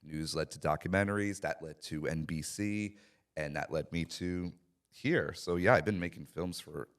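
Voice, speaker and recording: A man's voice: low-pitched, normal speed, smooth. A man in his thirties, a filmmaker guest, talking in a casual, self-deprecating way. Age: 30s. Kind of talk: casual interview chat.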